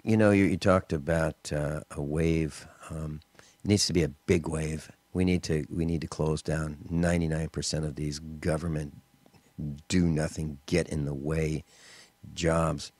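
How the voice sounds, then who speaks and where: A man hosting a talk radio show, telling stories and ranting in an indignant, animated way with mocking asides. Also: very deep voice, unhurried, no echo.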